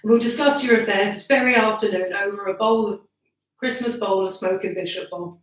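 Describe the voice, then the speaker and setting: A woman voicing a gruff old male miser in a storybook reading, hearty and booming, recorded in an echoey room away from the mic. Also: brisk, far from the mic, natural voice. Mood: jovial. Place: home room by a wood burner.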